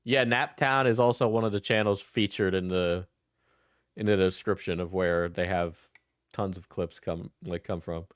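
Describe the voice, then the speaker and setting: A man's voice: low-pitched, steady tone, moderate pace, clear, resonant tone, no room sound, studio quality. A young man streaming clip reactions in casual chat, rambling and laughing often as he trails off mid-sentence.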